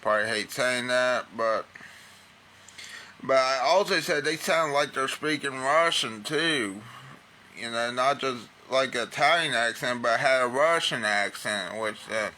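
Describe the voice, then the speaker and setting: A man telling a rambling story in a halting, casual way. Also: mid-range voice, sharp tone, slight background noise.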